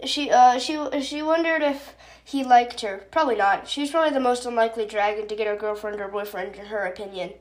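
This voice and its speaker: A woman's voice: a little high, brisk. A woman hosting a podcast, chatting casually and reading her own story aloud with fillers and self-corrections.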